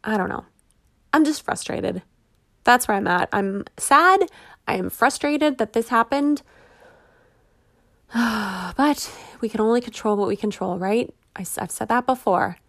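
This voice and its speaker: A woman's voice: a little high, unhurried, pauses often, no echo, clean studio sound. A woman in her thirties hosting a podcast, talking candidly and chattily with frequent laughs, openly frustrated. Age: 30s. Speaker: podcast host. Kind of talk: personal podcast monologue.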